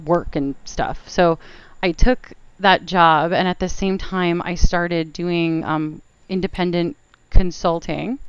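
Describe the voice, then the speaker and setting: A woman with a low, smooth voice chats casually as a podcast guest. She tells her stories in an animated way with frequent laughs. The sound is dry and a bit dull, like a lo-fi recording. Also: slow pace, no echo. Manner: animated storytelling, laughs often. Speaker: interview guest. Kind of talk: casual chat.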